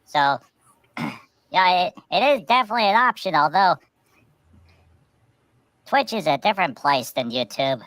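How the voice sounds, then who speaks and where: A woman hosting a comedy show, telling silly stories in a halting, rambling way. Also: on the low side, lively intonation, fairly bright tone, no echo, poor audio. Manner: halting, many restarts and "you know". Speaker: host. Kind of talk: rambling comic storytelling.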